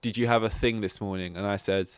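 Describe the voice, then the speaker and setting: A young man talks in a low, unhurried voice, rambling through a story with blunt asides and the odd swear word. The recording is dry and close, with no room sound. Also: fairly even intonation, clear, resonant tone, no room sound. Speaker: podcast host. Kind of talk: casual solo podcast storytelling.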